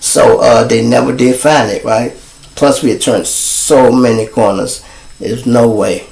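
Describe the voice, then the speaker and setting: A man with a Chicago accent, hosting a livestream show and telling a profane, animated story to his viewers. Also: mid-range voice, a little slow, gravelly, roomy sound, rough recording. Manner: profane, animated, acts out quoted voices.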